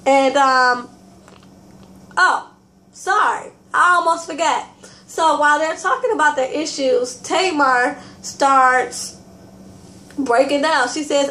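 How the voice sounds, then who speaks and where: A woman's voice: high-pitched, takes it slowly, a bit bright. A woman casually recapping and commenting on a reality TV episode, talking straight to her viewers in a chatty way. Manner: chatty, addresses viewers as y'all, frequent fillers and restarts. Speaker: TV review host. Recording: echoey room with faint ambient noise.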